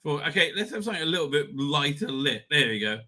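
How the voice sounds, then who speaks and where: Bright-voiced tipsy man rambling on stream. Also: a little high, lively intonation. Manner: rambling, halting, many restarts. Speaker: live stream host. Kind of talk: rambling casual live stream chat.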